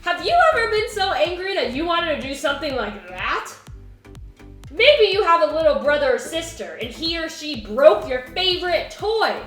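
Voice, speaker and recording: A woman teaching children an object lesson in an animated way and asking them questions. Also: high-pitched, normal speed, roomy sound, soft background music. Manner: animated, asks the kids questions.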